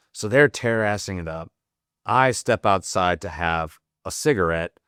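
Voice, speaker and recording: A Marine veteran appears as a podcast guest, telling stories casually in a low, animated voice at a slow pace, with a fairly bright, smooth tone. He rambles, swears a lot and leans heavily on "like" as a filler. The studio recording is clean, with no echo.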